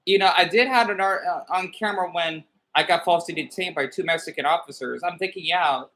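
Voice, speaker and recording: A man's voice: sits high, quick pace, bright, forceful tone, slight background noise. A man livestreaming commentary and reading viewer comments aloud. He rambles, sounds irritable, and often stumbles and repeats words.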